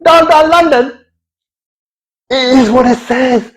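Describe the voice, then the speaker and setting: A man's voice: high-pitched, very animated, a little slow, poor audio. A man doing a playful comic monologue, swearing freely and slipping into accents as he goes. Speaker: comedian.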